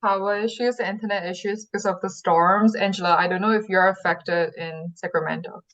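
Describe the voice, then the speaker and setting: A woman in her twenties from Singapore, a guest author chatting over a video call in a relaxed, matter-of-fact way. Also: mid-range voice, brisk. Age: 20s. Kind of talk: casual chat. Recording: dull lo-fi video call audio.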